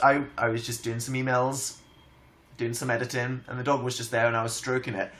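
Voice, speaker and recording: A young Englishman hosting a livestream from home, telling stories in an animated, self-mocking and dramatic way. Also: medium pitch, a little fast. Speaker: livestream host. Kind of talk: casual storytelling chat. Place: home, indoors.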